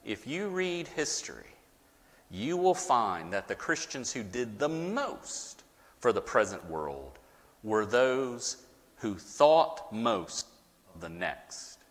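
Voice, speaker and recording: A male pastor preaches with a lively, swinging intonation, leaning into pauses and building to emphatic repeated lines. His voice sits at an ordinary middle pitch. It rings out with a long reverb, as in a large hall. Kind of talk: sermon.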